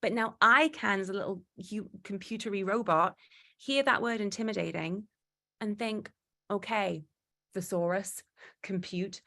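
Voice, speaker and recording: A woman giving a motivational talk, animated and acting out quoted exchanges, with frequent restarts. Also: mid-range voice, moderate pace, vocal fry. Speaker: guest speaker.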